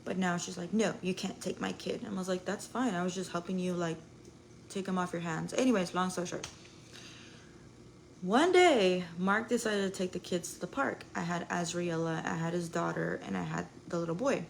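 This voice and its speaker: A woman's voice: lowish voice, moderate pace, creaky, a little hiss or hum, rough recording. A young woman telling a rambling story to her live viewers, full of "like" and swearing. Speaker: live streamer.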